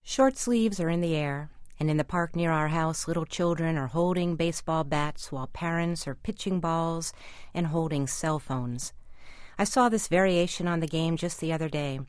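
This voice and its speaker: A woman with a very low voice reads her own commentary slowly and reflectively. The recording is dry and close, with no room sound. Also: darkish tone, clear, resonant tone, no room sound. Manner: reflective, measured reading. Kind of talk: scripted personal essay.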